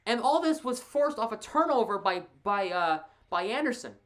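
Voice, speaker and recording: A woman giving casual live play-by-play of a hockey game as a fan commentator, excitable and quick to laugh, with chatty asides to a co-host. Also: on the high side.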